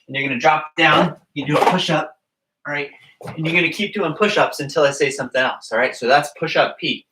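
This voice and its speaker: Young man, kids' gymnastics coach, slightly high, upbeat and coaxing, roomy echo, set back from the mic. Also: fairly quick, distant mic, background noise. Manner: upbeat, coaxing, checks in with "all right?". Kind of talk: online kids' exercise class. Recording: echoey room, away from the mic.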